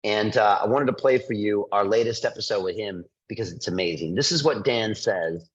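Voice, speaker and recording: A male host speaking to a group in an excited, emphatic monologue with quick asides. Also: lowish voice, dull audio. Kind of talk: energetic monologue to a live group.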